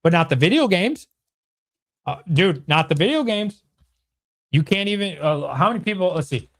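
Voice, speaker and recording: Lively ranting man in his thirties. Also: sits high, normal speed. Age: 30s. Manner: excitable, swears a lot, ranting at chat. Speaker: streamer host. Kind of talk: livestream Q&A chat.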